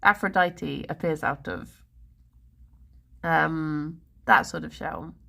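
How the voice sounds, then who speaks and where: Giggly English woman, gravelly, unhurried. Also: sits low, lively intonation, sharp tone. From England. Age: 30s. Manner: playful, giggly, rambling. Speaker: livestreamer. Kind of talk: casual chat with viewers.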